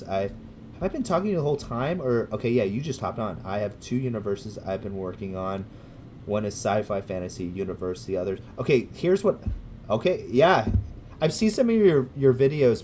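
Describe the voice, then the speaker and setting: A Californian American man with a lowish voice talks casually to his livestream chat. He rambles, hesitates and restarts his sentences, then jumps up into loud, cheerful hellos for the viewers. Faint ambient noise sits under his voice. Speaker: gaming livestreamer.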